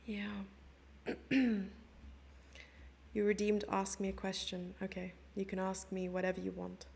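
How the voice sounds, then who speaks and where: A woman's voice: medium pitch, completely flat delivery, takes it slowly, gravelly, darkish tone. A young South African woman commentating a chess stream live and chatting with her viewers in a giggly, casual way. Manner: chatty, giggly, reads chat messages aloud.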